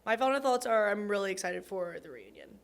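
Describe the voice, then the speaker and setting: Animated young woman gushing in casual chat. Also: medium pitch, brisk, gravelly. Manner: gushing, animated, says "like" constantly. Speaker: podcast co-host.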